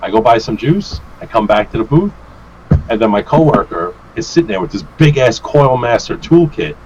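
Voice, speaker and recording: A man's voice: mid-range voice, big pitch swings, moderate pace, a little mellow, dull audio, slight background noise. A man telling a casual, profane story as a guest on a live stream, acting out his own outbursts. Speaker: guest vape reviewer.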